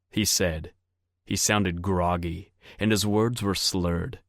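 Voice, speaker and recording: A man narrating an audiobook in a steady, measured reading. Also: low voice, vocal fry, dry recording, clean studio sound. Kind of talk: scripted narration.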